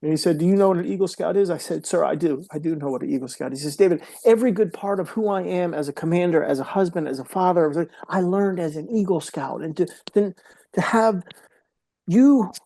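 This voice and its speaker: Here a middle-aged podcast guest, a mental health speaker, races through personal stories with hardly any pauses. His slightly high voice is creaky, the recording has no room sound, and his earnest, emotional telling sometimes drops to a hush.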